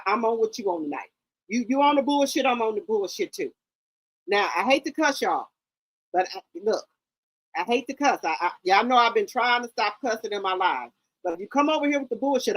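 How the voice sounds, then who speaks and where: Woman in her 50s, aave, sassy and blunt, cusses a lot, kinda high voice, dry close sound. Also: dry recording, low-quality recording. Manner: blunt, sassy, curses freely. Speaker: livestream host. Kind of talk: casual livestream chat.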